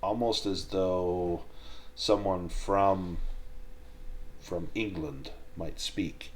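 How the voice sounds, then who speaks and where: A man narrating a tabletop horror game as game master, measured and descriptive, with frequent restarts. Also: low voice, a little hiss or hum.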